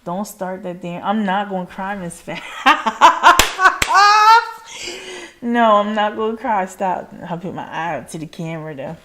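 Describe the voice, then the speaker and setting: A woman's voice: fairly low pitch, normal speed, few pauses, slight background noise. Casual, cursing woman livestream host. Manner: casual, frequent swearing and filler "like"; effusive thanks to viewers.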